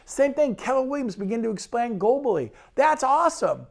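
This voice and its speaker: A man, a real estate broker, giving an enthusiastic and persuasive sales pitch presentation. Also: very animated, creaky. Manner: enthusiastic, persuasive, rapid lists.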